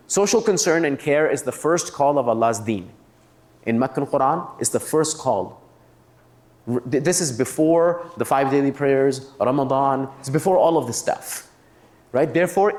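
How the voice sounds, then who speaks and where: A man's voice: on the high side, darkish tone. A man giving a religious lecture at a student convention, reciting Arabic verses and translating them, and asking the audience rhetorical questions in a conversational way. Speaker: Islamic lecturer.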